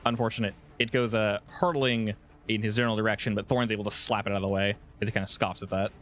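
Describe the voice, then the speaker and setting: A man running a tabletop game as game master, narrating in a relaxed way with frequent restarts. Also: fairly low pitch, quick pace, soft background music.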